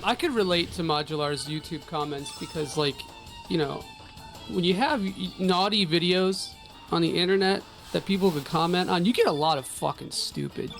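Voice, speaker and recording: A man co-hosting a gaming podcast, telling stories in an animated, swearing, laughing way. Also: sits high, vocal fry. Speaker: podcast co-host. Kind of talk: casual profane storytelling.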